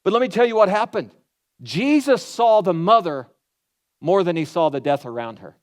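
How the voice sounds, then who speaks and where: A man with a high voice preaches a sermon. He talks to the room in a chatty way, with rhetorical questions and quotes that he acts out. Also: expressive, moderate pace. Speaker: pastor.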